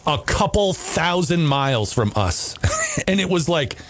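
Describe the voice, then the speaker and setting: A man's voice: on the high side, measured pace. Rambling man hosting morning radio. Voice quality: groggy morning voice. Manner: rambling, lively, with restarts and laughs. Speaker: radio morning show host. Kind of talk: casual morning radio banter.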